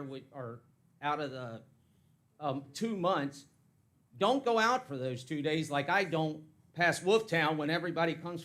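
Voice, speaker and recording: A man's voice: on the high side, fairly bright tone. A man giving a heated, blunt public comment at a county meeting. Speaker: citizen speaking at public comment. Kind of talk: angry public comment speech.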